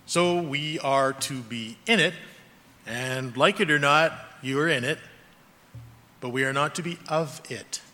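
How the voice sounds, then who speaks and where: A man's voice: a little high, unhurried, pushed and bright. A man preaching a sermon as a pastor, earnest and emphatic, with rising and falling stress. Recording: long reverb of a large hall.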